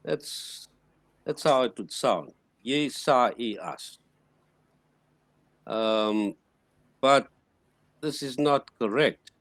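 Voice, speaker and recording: A man teaching a classroom lesson, sounding out words slowly syllable by syllable and repeating them. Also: mid-range voice, no room sound.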